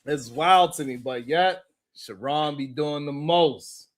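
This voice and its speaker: High-voiced man hosting a slow, animated live stream. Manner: animated, laughing often, greeting chatters by name. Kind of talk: casual live stream commentary.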